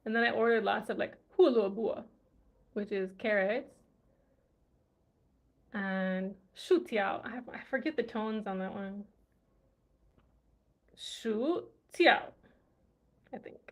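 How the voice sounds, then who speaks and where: A woman's voice: mid-range voice, a little slow. A woman language vlogger chatting casually, musing aloud and laughing often as she recalls words. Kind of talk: casual livestream chat.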